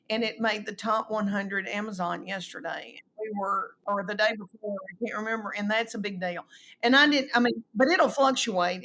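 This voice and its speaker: A woman's voice: mid-range voice, fairly bright tone. A woman in her fifties, a guest comedian in casual conversation, rambling and often trailing off mid-thought. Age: 50s. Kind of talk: casual chat.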